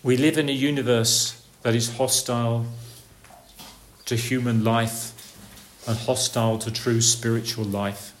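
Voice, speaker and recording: A preacher delivering a sermon, posing rhetorical questions and swinging from emphatic peaks down to low, quiet lines. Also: male voice, fairly even intonation, measured pace, a little hiss or hum.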